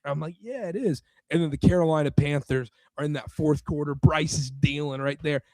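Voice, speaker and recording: A young man with a hoarse, worn-out voice, co-hosting a casual sports podcast in an excitable, jokey way. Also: fairly high pitch, brisk, no room sound. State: hoarse, losing his voice. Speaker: podcast co-host.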